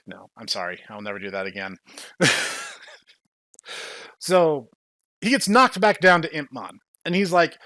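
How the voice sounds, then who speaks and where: A man's voice: fairly high pitch, unhurried, no room sound. A man hosting a casual podcast who jokes around and acts out scenes as he recaps. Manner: animated, joking, acts out scenes. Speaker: podcast host.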